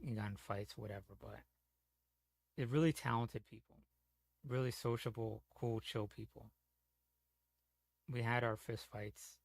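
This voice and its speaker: A man's voice: mid-range voice, gravelly, no echo. A man chatting casually on a gaming stream, telling rambling, profane stories full of "you know". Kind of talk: casual storytelling chat.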